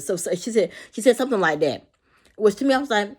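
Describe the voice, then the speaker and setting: A woman's voice: fairly low pitch, quick pace. A woman who works with young children, venting in a rambling, profane way and repeating herself as she tells a story about work. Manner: acts out quotes of coworkers. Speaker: childcare worker. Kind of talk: casual venting monologue.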